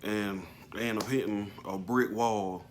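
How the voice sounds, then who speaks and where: A man casually recounting a personal story, halting and slangy, with plenty of emotion. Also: on the low side, fairly even intonation, a little hiss or hum. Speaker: vlogger telling a personal story.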